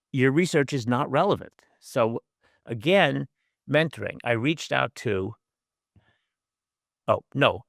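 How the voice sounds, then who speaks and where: An older man gives a relaxed, conversational lecture over a video call, with a gravelly voice at a middling pitch. He adds wry, self-deprecating asides and fills his pauses with uhs. The sound is dry and close. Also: no echo. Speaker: guest speaker, professor.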